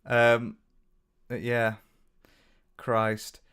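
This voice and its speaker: A man's voice: mid-range voice, monotone, drawn-out words, fairly bright tone, clear, resonant tone. A young British man giving casual reaction commentary, blunt and sweary, mocking his subject and reading viewer comments aloud. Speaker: commentary YouTuber.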